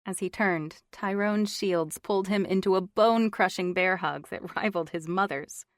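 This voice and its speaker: A woman narrating an audiobook in a measured manner, lightly voicing the characters, on a close studio mic. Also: mid-range voice, no room sound. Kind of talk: scripted narration.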